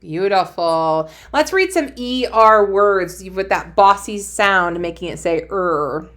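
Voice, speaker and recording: A woman's voice: mid-range voice, lively intonation, takes it slowly, fairly bright tone. A woman teacher giving a cheerful phonics lesson to young children, sounding out letters and praising them.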